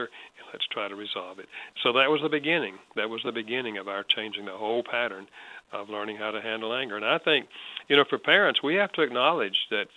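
An older man telling an earnest personal story in a radio interview, his voice dropping soft when he reflects. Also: on the low side, no room sound, lo-fi sound. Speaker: guest author and father.

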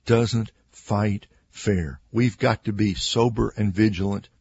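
A man's voice: fairly low pitch, a little slow, creaky, a little mellow, breathy edge, lo-fi sound. A man giving conversational Bible teaching as a radio guest, earnest and acting out quoted speakers with emphasis. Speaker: Christian author and radio guest.

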